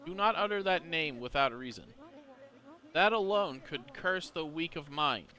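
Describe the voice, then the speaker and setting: A smug young male prophet from a video game speaks in a lofty, theatrical, teasing way, as a man reads his lines aloud. The voice sits a little high, with a bright, forceful edge. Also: animated, unhurried. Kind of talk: reading game dialogue aloud.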